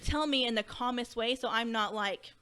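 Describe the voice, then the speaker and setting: A young woman from Kentucky, a teacher and podcast guest, telling a personal story in animated conversation and acting out past dialogue. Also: on the high side, normal speed, clean tone.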